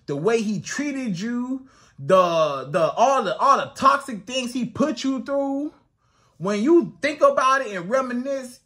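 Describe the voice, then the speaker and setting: A man giving dating advice as a coach, talking emphatically and piling up rhetorical questions. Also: extremely high pitch. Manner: animated, swings into acted outbursts. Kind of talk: advice monologue to camera.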